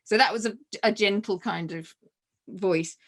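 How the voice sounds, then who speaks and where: Woman guest on a podcast, chatty, keeps laughing, lots of ums and restarts, middle pitch. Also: measured pace. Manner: animated, laughs often, many restarts and fillers. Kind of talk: personal storytelling in a conversation.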